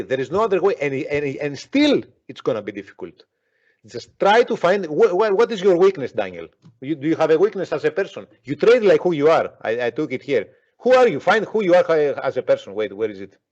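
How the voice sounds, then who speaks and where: A man talks traders through their weaknesses in a blunt, forceful way, swearing and repeating himself. His voice sits a little high for a man. The recording sounds dull and lo-fi. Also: big pitch swings, brisk. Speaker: trading coach. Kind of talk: blunt motivational talk. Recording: dull lo-fi audio.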